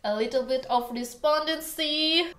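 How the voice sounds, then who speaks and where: A woman's voice: high voice, fairly bright tone. A Russian-accented woman teaching a casual language lesson at home, speaking careful, hesitant English with a joking streak. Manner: slow, careful, hesitant English with many pauses; playful, joking. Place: home kitchen. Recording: echoey kitchen room.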